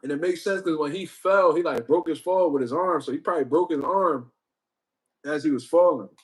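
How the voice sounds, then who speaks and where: High-voiced man ranting on a livestream. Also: a little fast, slightly rough. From Puerto Rico. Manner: profane, animated storytelling with repeated words. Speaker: livestream host. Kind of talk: casual livestream chat.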